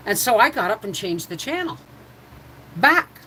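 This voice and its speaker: Talking to viewers directly, a middle-aged homestead host on a home livestream rambles through stories, hopping subjects, circling back and restarting often. She's very animated, bright and forceful at a medium pitch, speaking at a measured pace with long pauses. The rough recording has a little hiss or hum.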